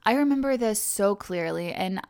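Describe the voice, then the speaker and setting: A woman's voice: medium pitch, animated, normal speed, a little mellow, no room sound, clean studio sound. A young woman from Kentucky hosting her own podcast, talking in a chatty, rambling way with lots of fillers and self-corrections. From Kentucky, USA. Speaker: podcast host. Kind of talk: casual solo podcast monologue.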